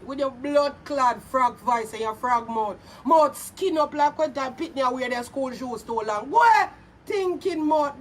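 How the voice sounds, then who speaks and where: Loud, cursing Jamaican woman with a high voice. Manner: loud, profane, insulting, often shouting. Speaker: vlogger. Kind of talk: angry social media rant. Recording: voice a little far from mic, faint background noise.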